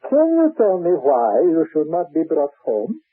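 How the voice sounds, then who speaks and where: A man's voice: a little high, wildly swooping pitch, unhurried, slightly rough, full character voice. An actor playing a cold, stern male spymaster in a 1970s radio drama, speaking in a clipped, menacing way. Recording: narrow, phone-like old radio broadcast.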